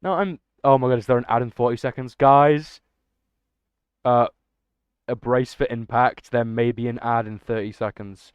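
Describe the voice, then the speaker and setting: A young man chatting excitably and rambling to his livestream chat. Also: mid-range voice, moderate pace, smooth, no room sound. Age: young adult. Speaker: streamer. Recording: dull lo-fi dry mic.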